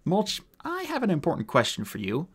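Audiobook character: a man playing a teenage boy genius, higher than the narrator's own voice, crisp and formal. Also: wildly swooping pitch, fairly quick, exaggerated voice.

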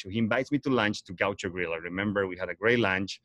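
A man's voice: low-pitched, fast talker, a bit bright, dry recording. A man hosting a casual livestream talk, earnest and rambling, often correcting himself mid-sentence. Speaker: host.

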